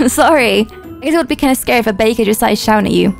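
A young woman, a YouTuber chatting excitedly through a roleplay game, with gasps and playful asides. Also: on the high side, a little fast, vocal fry, soft background music. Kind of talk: roleplay gameplay commentary.

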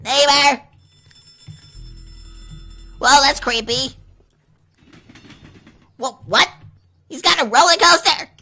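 Young woman host, let's-play commentary, high and bright, jumpy and quick to shriek, faint game music under her. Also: poor audio. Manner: jumpy, easily startled, shrieks when scared. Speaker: gaming channel host.

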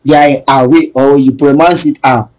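A man co-hosting a casual chat, scolding and animated. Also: mid-range voice, normal speed. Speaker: co-host.

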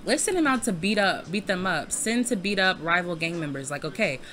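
A woman's voice: lowish voice, animated, a little fast, fairly bright tone. A young adult woman giving casual, laughing gameplay commentary, chatting to viewers with lots of slang and cursing. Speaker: Let's Play creator.

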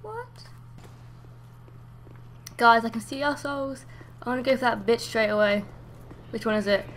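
A young woman giving let's-play commentary, excitable and swearing loudly at the game. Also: fairly high pitch, a little slow, a little hiss or hum. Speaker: gaming streamer.

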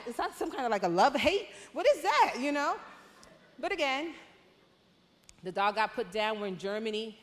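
A woman from Panama shares her life story as a conference speaker, chatty and lively, breaking into sudden excited outbursts. Her voice sits a little high. It rings with the long reverb of a large church hall. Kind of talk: testimony talk.

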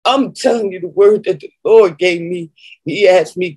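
In a rough recording, a woman preacher with a lowish, darkish, slightly rough voice delivers a tearful spiritual testimony. She sighs and moans between phrases, stopping now and then to steady herself.

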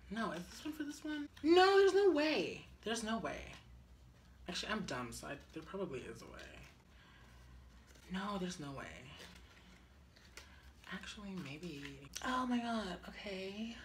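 A woman's voice: mid-range voice, sharp tone. A young woman chatting through a craft project, dramatic and self-mocking, gasping and dropping into whispers. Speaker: crafting vlogger.

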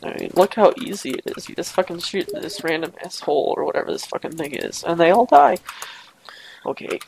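A woman's voice: fairly low pitch, expressive, fairly quick, vocal fry, slight background noise, poor audio. A woman giving a parody live commentary over gameplay, rambling, boastful and swearing constantly. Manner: profane, rambling, mock-boastful. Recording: loud keyboard typing behind voice.

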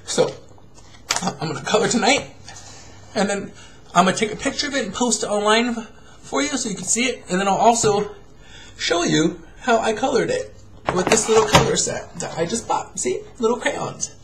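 A man, a father, gently reading a picture book aloud to his young daughter and then speaking to her in a soft, hesitant way at home. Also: sits high, lively intonation, a little hiss or hum. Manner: gentle, soft and hesitant, with many pauses and fillers. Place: at home, indoors.

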